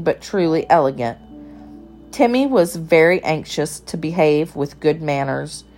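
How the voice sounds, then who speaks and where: A woman reading a children's story aloud in a calm, even storytelling manner. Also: low-pitched.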